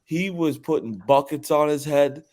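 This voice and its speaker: A man's voice: fairly high pitch, fairly even intonation, normal speed, darkish tone. A man co-hosting a podcast, laid-back in casual chat, trailing off as he recaps. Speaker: podcast co-host.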